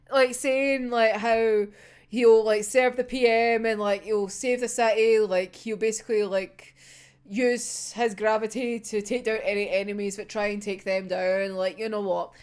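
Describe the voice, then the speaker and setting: A woman's voice: a little high, normal speed, clean tone. A young woman chatting casually as a manga reaction vlogger, sweary and dramatic, laughing often and rambling with fillers. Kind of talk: casual chat.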